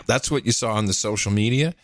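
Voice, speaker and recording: A podcast co-host banters jokingly, reads news stories aloud, and slips into mock voices. His voice is lowish and fast, captured in a dry, clean studio recording.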